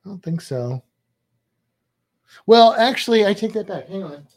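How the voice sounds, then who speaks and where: A man co-hosting a casual show, talking in a relaxed, rambling way with many restarts. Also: high-pitched, moderate pace. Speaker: podcast co-host. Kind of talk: casual chat.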